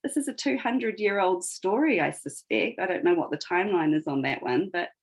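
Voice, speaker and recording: The audio is poor as a podcast guest, a woman with a lowish voice and vocal fry, reflects on a fairy tale while retelling it. Animated and a little fast, she emphasizes parts of the story and ties it to the present, keeping things conversational.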